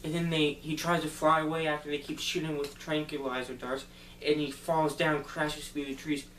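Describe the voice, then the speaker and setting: A man casually retelling a movie plot for a review, rambling loosely and filling pauses with "like" and "um". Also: on the high side, little pitch movement, a bit bright. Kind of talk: casual spoken movie recap. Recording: roomy echo, distant mic, faint hum.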